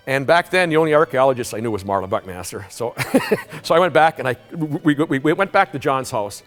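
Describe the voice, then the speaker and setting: Guy telling a story at a conference, stumbles and restarts a lot, big echoey hall. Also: medium pitch. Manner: halting, with many restarts and repeated words; animated, excited storytelling. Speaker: conference presenter. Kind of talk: storytelling lecture. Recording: long hall reverb, faint music.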